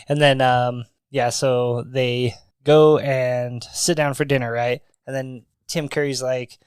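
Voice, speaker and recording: A man co-hosts a casual movie podcast, telling stories in a relaxed, easygoing way. He often laughs at his own jokes. His voice sits in a middle pitch and is recorded dry on a close microphone. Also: unhurried, hardly any pauses, smooth, dry recording. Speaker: podcast co-host. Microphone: studio microphone.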